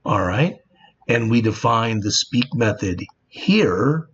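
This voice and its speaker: In a screen-recorded programming tutorial, a man explains things plainly and keeps saying "all right." His lowish voice is fairly bright and breathy, with lively intonation but a slow pace, and the recording is dull and lo-fi with faint noise behind it.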